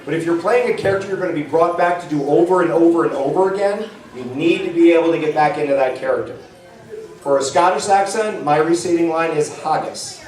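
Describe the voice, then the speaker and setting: At a convention panel, a male presenter rambles loosely before a live crowd, stumbling through fillers and restarts. He talks a little fast in a fairly high voice with a darkish tone, captured by a distant mic in an echoey room.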